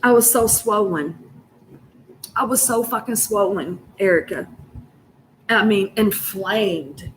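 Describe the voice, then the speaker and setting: Woman, casual chat, rambling and profane, slow drawn-out delivery. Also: mid-range voice, slight background noise, rough recording. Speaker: storyteller. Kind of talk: casual personal storytelling.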